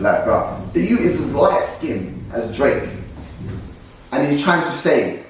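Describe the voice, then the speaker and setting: A young man co-hosts a casual talk show, ranting with energy and breaking into laughs. His voice sits on the higher side and swings widely in pitch. He is recorded from a distance in a very echoey room. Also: normal speed, slight background noise. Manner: animated, ranting, laughs often. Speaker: co-host. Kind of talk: casual discussion podcast. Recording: echoey room, voice away from mic.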